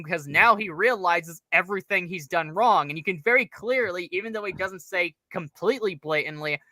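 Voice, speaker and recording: Very bright-voiced rambling man. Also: sits high, dry recording. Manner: analytical, rambling, swears casually. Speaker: co-host reviewer. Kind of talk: casual review chat.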